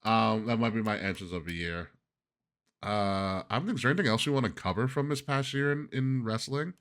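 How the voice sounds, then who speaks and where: A man's voice: on the low side, a little fast, fairly bright tone. A man hosting a podcast in casual chat, laughing often and joking loosely. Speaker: podcast host.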